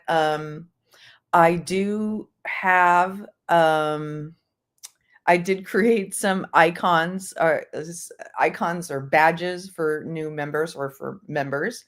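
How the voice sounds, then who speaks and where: A woman hosting a casual livestream book club, rambling with many fillers and restarts and tossing in words from other languages. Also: on the low side. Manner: jokingly drops bits of other languages.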